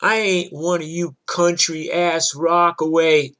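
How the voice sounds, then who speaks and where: A man's voice: lively intonation, normal speed, exaggerated voice. A man voicing a drunk young woman screaming in a street fight. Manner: shrill, yelling, belligerent.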